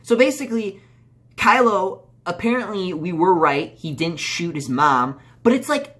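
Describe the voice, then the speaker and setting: A man's voice: high-pitched, lively intonation, measured pace, a bit bright. A young man doing a casual movie review, rambling through restarts and fillers and swearing as he gets heated. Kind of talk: casual video review rant.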